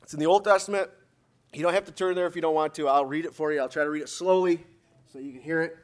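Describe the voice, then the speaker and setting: Fervent, fairly high-voiced male preacher. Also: fast. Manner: emphatic, rising to loud exhortation. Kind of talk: sermon.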